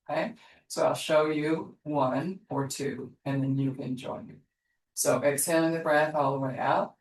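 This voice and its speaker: A woman yoga teacher giving slow, soothing guided instructions in an online class from her studio. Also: deep voice, steady tone, a little hiss or hum. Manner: slow, soothing guidance with soft pauses. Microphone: distant laptop mic on an online class. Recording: roomy, distant sound from far off.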